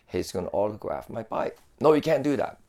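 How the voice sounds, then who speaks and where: A man's voice: lowish voice, very animated, fairly quick, gravelly, a little mellow. A man telling a long story in casual chat, rambling with many fillers and restarts.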